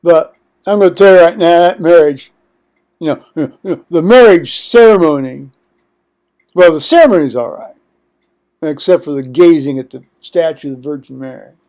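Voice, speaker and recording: A man's voice: a little high, normal speed, a little mellow. An older man vlogging at home in a rambling monologue, digressing often with blunt, profane asides.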